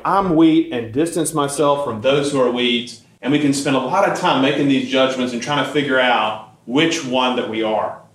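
A Catholic priest giving a homily, telling a personal story in a relaxed, conversational way with occasional fillers. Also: male voice, mid-range voice, echoey room.

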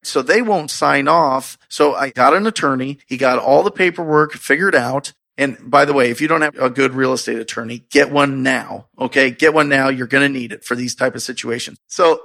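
A man with a gravelly, fry-tinged voice and a bright, forceful edge tells a personal story. He is expressive and upbeat and acts out his own reactions as he goes. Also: mid-range voice, brisk, few pauses. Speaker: real estate investor telling his story. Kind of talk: casual storytelling.

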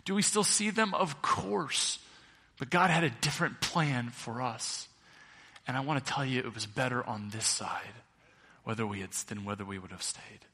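A middle-aged male pastor preaching a sermon, building to loud peaks and then dropping quiet. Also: mid-range voice, normal speed, husky. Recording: long reverb of a large hall.

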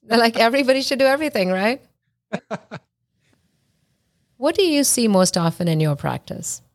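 A woman's voice: fairly high pitch, sing-song, normal speed. A woman who hosts a podcast and is a physician, talking frankly and emphatically in a casual conversation.

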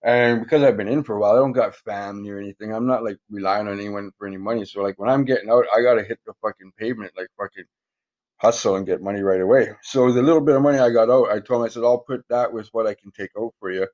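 A man's voice: lowish voice, fast talker, darkish tone, highs cut off. A man casually telling profane, rambling stories in a podcast interview, chuckling often. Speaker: guest, former prisoner.

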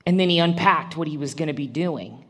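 A woman's voice: deep voice, brisk, slightly rough. A woman preaching a sermon to a congregation in a church. She talks in a conversational way, with direct questions to the listeners and dry humorous asides.

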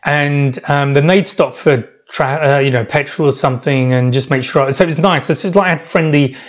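A man's voice: fairly high pitch, brisk. A middle-aged man hosting a podcast, telling a travel story in a rambling, reflective way with many restarts. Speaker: podcast host.

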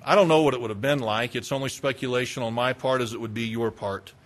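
A man preaching a sermon, retelling a story dramatically with repetition and swinging between loud passion and hushed quiet. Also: medium pitch, fairly even intonation, fast. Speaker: pastor.

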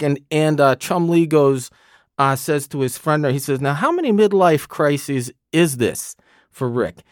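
A man in his fifties co-hosting a podcast, telling stories in an animated, jokey way. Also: a little high, no room sound, studio quality. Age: 50s. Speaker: podcast co-host. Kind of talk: casual chat.

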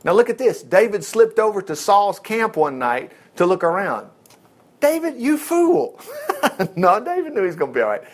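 Lively, animated man teaching scripture. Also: sits high, a little fast. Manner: animated storytelling, acts out voices, jokes and chuckles. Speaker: Bible teacher. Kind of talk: informal Bible lesson.

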